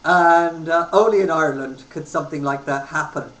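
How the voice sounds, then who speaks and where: Guy in his 30s telling travel stories on a webcam, lots of ums, kinda high voice, echoey room. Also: moderate pace, a bit bright. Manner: rambling, with many ums. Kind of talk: casual storytelling. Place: home room. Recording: roomy webcam recording with faint hiss.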